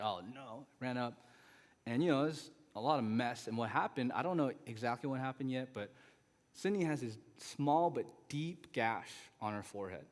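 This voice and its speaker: A man's voice: medium pitch, a little fast. A man in his thirties preaching a sermon as a guest pastor, telling personal stories in a loose, conversational way with frequent asides. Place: church sanctuary. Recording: reverberant church sanctuary.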